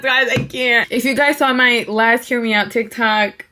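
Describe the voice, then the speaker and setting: A woman's voice: fairly high pitch, steady tone, a little slow, pushed and bright, slight background noise. A young woman hosting her channel, chatting playfully and laughing often as she reacts. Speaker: YouTuber. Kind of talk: casual vlog chat.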